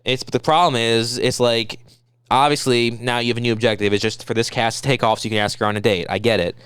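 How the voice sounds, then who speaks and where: A man rattles off quick, excitable podcast banter, swearing freely as he jokes with his co-host. His voice is smooth and resonant, recorded close and dry with no room sound. He talks at a rapid clip. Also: medium pitch, no room sound. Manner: fast, profane, excitable banter. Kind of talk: casual chat.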